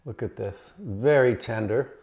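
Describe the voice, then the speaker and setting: A man's voice: medium pitch, unhurried, creaky, a little mellow. A man hosting his own cooking channel, chatting enthusiastically in his home kitchen while he cooks and tastes. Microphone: camera mic, moved at times.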